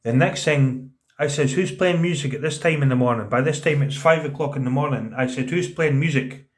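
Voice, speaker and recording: A man in his thirties talking to camera in a vlog, earnest and a little halting. He repeats words as he goes and lowers his voice to quote what people said. His pitch sits in an ordinary middle range. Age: 30s. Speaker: vlogger telling a personal story. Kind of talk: casual spoken storytelling.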